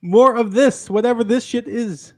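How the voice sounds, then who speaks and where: Host, male, high voice, slow mock-regal announcer, dry close mic. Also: dry recording. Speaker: tournament moderator, self-styled lord. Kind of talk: casual podcast chat with mock-regal announcing.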